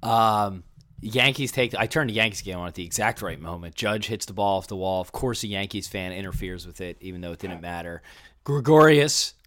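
A man with a fairly low voice chatting about sports on a podcast. He rambles, stops and restarts his sentences as he goes. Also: a little fast, fairly bright tone. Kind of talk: casual sports chat.

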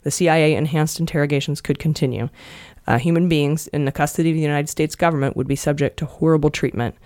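A woman's voice: sits low, steady tone, fast, darkish tone, no echo, studio quality. A woman hosting a casual podcast, earnestly recounting a story and reading passages aloud. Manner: earnest storyteller, emotional at times. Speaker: podcast host recounting a book.

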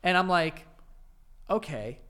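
A laid-back New man rambles through casual podcast chat, swearing freely. His voice sits slightly high. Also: expressive, slow pace, a bit bright. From New York. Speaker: podcast co-host.

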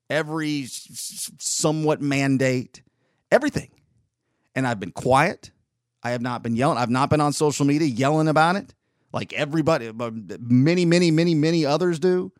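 A man's voice: mid-range voice, no echo. Rambling opinionated man, dry close sound. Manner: rambling, opinionated, with frequent restarts. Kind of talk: casual monologue.

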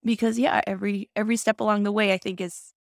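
A woman speaks candidly as an interview guest, recounting events with quoted back-and-forth. Her voice carries a gravelly edge, recorded close and dry. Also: medium pitch, level tone, fast talker, no room sound. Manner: open, emotional storytelling with quoted dialogue.

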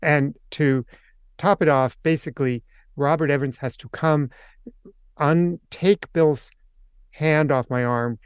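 An older man, a podcast guest, telling an anecdote in a casual, lively way and acting out the quoted lines. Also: fairly high pitch, slow, long pauses, clear, resonant tone, dry recording, clean studio sound. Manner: animated anecdote teller, acts out quotes. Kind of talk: casual storytelling.

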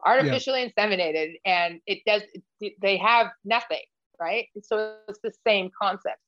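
A woman's voice: medium pitch, moderate pace, fairly bright tone, lo-fi sound. A woman guest in a casual interview, speaking candidly and earnestly, with frequent fillers and restarts. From United States. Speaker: podcast guest, Marine veteran.

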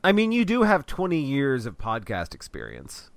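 A man co-hosting a comedy podcast, playful, shifting between mock-grand bits and quick asides. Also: mid-range voice, wildly swooping pitch, creaky, no room sound. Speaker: podcast co-host. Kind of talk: casual comedic chat.

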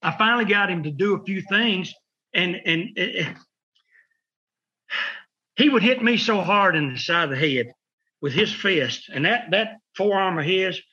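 A man's voice: high voice, bright, forceful tone, breathy edge, lo-fi sound. A man telling rambling stories in casual chat, acting out voices and sound effects. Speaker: wrestling podcast host telling stories.

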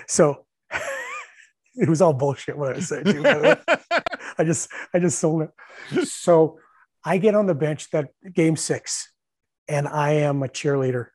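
A middle-aged man and former hockey coach telling stories in casual chat, animated, laughing often and acting out what people said. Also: on the high side, takes it slowly, pauses often, slightly rough, dry recording. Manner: animated storyteller, laughs often, acts out shouted bench calls.

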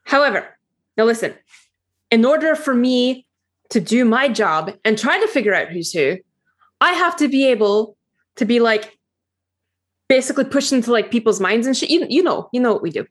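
A woman's voice: on the high side, lively intonation, moderate pace, long pauses. A woman voicing a pushy, streetwise female psychic agent who talks casually and swears.

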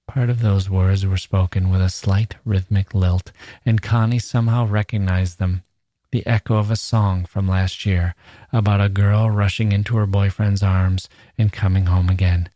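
A man hosting a podcast, reading a short story aloud in a measured, steady way. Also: low-pitched, dry recording, studio quality. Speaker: podcast host.

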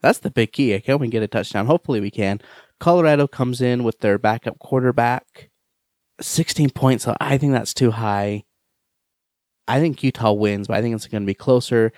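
A man's voice: mid-range voice, moderate pace, a little mellow, no room sound, clean studio sound. A man hosting a casual sports talk show, steadily leading the segments. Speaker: host.

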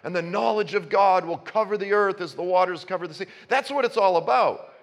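A man's voice: high-pitched, fairly quick. A man preaching a sermon, conversational at first and building to passionate emphasis. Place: church. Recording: long reverb in a church hall.

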